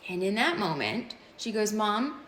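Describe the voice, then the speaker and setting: Bright-voiced woman telling a personal story. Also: mid-range voice, moderate pace, slight background noise. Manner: expressive, swings between loud and hushed. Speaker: podcast host and mother.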